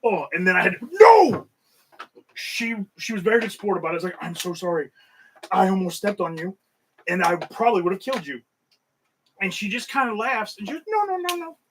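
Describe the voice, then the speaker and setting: A man's voice: sits high, fast talker, a bit bright, slight background noise, low-quality recording. A man co-hosting a podcast, telling stories in casual chat with a grumbling, self-deprecating manner. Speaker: podcast co-host.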